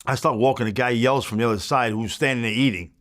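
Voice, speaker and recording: A man's voice: mid-range voice, quick pace, fairly bright tone. A man as an interview guest, telling a story bluntly with plenty of swearing and re-enacted back-and-forth. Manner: blunt, profane, re-enacts exchanges as he tells them.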